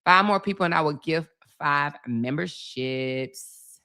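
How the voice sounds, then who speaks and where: A woman's voice: deep voice, takes it slowly, sharp tone. A woman, hosting a casual livestream, reading comments aloud and chatting in a sassy, laughing way, calling viewers baby and y'all. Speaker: livestream host.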